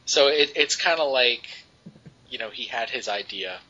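A man's voice: fairly low pitch, unhurried, pushed and bright. A man co-hosting a podcast, reviewing comics in casual chat with many ums and restarts. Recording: dull lo-fi podcast audio.

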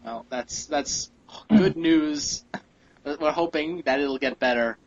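A man co-hosting a podcast, asking questions in a halting way with many fillers. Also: a little high, dry recording. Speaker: podcast co-host. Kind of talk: casual interview questions. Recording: muffled podcast audio.

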